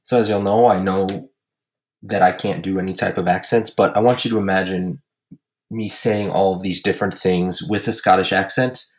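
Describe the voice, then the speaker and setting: A man hosting a casual comedy podcast, recapping his fantasy league with crude jokes and deadpan roasts. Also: low-pitched, moderate pace. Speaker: podcast host and league commissioner.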